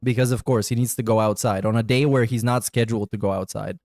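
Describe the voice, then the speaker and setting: A man's voice: lowish voice, fairly even intonation, fast talker, a little mellow, dry recording, clean studio sound. A man in casual podcast banter, blunt and dismissive, swearing freely.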